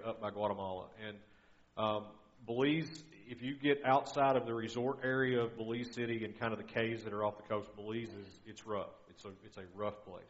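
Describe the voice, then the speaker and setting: A man's voice: medium pitch, dull audio. A middle-aged man giving a guest sermon in an earnest, conversational way, often restarting his sentences. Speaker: guest preacher.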